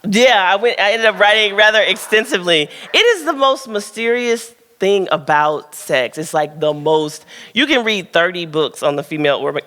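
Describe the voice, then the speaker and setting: A woman's voice: on the low side, a bit bright. A candid woman author chats with her audience at a live book event, laughing easily and telling stories full of ums and likes. Her voice carries a long reverb from the hall around her. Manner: frank, chatty and laughing, tells stories with lots of fillers. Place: event room at a book launch.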